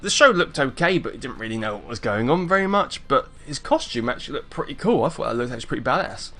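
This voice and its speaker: A man's voice: mid-range voice, lively intonation, fast, a bit bright. A man from England with an English accent, chatting casually as a video reaction host. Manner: laid-back, chatty, meandering.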